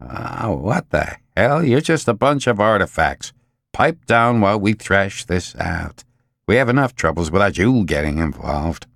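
A man voicing a short, round, sweaty male boss who talks in a hoarse croak, gloomy and exasperated. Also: on the low side, big pitch swings, slow pace, dry recording, clean studio sound, heavily acted. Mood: irritable.

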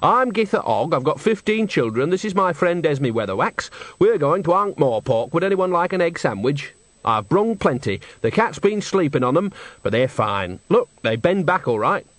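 A man's voice: on the high side, big pitch swings, moderate pace, a bit bright, no room sound, voice pushed up. A man voicing a cheerful, chatty old countrywoman who rambles breezily. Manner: breezy, rambling and matter-of-fact.

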